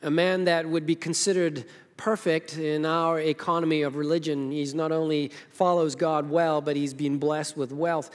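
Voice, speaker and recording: A pastor preaching in an echoing hall. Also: male voice, a little high, normal speed. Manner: lively storytelling, acts out the characters' lines. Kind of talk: sermon.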